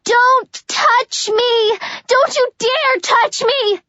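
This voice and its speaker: A woman doing a high, desperate young woman pleading. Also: very slow, no room sound, dull audio, heavily acted. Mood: screaming. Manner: breaking, pleading cries.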